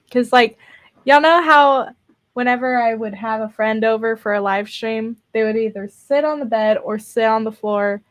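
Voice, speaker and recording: Tired young woman rambling on a stream. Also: on the high side. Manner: rambling, repeats words, frequent laughs and fillers. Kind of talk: casual live-stream chat. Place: bedroom at home.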